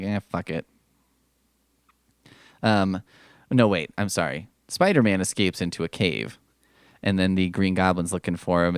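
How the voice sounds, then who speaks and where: A man hosting a podcast, giving a casual comic recap with profane, sarcastic asides and quick mock voices. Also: sits low, smooth, dry recording, clean studio sound. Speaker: podcast host.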